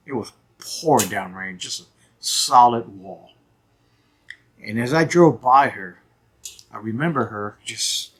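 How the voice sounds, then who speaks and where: Husky-voiced man in his fifties. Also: mid-range voice. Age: 50s. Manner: earnest, emphatic storyteller. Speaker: channel host. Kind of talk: personal storytelling vlog.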